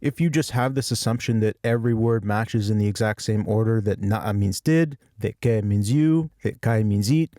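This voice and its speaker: A man's voice: lowish voice, normal speed, hardly any pauses, mellow, no room sound, studio quality. Patient man teaching a language lesson. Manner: patient, repeats example phrases with rising question intonation.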